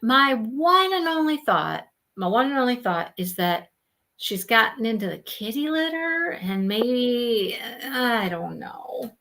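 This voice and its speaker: Woman host, livestream chat, lively swooping pitch, a little high, greets viewers by name. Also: slow. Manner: chatty, animated storytelling, greets viewers by name. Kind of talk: casual live chat.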